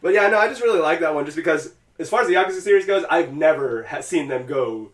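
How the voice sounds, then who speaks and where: A man's voice: a little high, animated, fast talker, roomy sound, distant mic. A man co-hosting a podcast, casually retelling a game scene and acting out the characters' lines, swearing freely. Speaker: podcast co-host.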